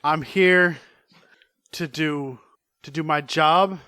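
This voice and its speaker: A man's voice: on the high side, takes it slowly, bright, forceful tone, clean tone, dry recording, clean studio sound. A man voicing a brash male pro wrestler cutting a rhythmic, rhyming trash-talk promo. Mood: swaggering.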